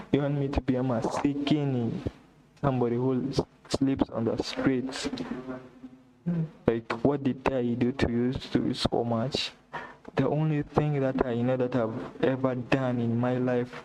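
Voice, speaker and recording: A man talks into his live vlog stream very slowly, circling back to the same despairing lines again and again. His carries through a mid-range voice. Steady background noise and clicking sit clearly behind him. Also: medium pitch, poor audio. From Uganda. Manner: despairing, repetitive lament addressed to God. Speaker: vlogger.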